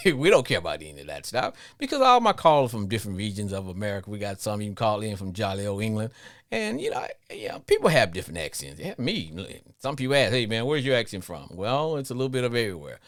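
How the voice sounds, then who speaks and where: A middle-aged man hosting a live football call-in show in a loose, rambling way. His pitch swings widely from low mutters to sudden high bursts, and he keeps stumbling over repeated words. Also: huge pitch swings, quick pace, a bit bright. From Arkansas, with Louisiana family. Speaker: podcast host. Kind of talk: live sports call-in rant.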